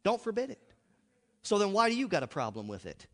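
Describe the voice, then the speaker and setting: An American man preaching a revival sermon in a church, emphatic and joking, with big swings between loud and soft. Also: high-pitched, wildly swooping pitch, fairly quick. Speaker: pastor. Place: large church sanctuary. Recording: long hall reverb.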